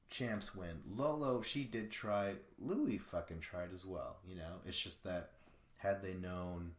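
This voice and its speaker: A man's voice: low voice, roomy sound. A man hosting a podcast alone, recapping in a casual, rambling way that is full of profanity. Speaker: podcast host. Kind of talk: solo show recap.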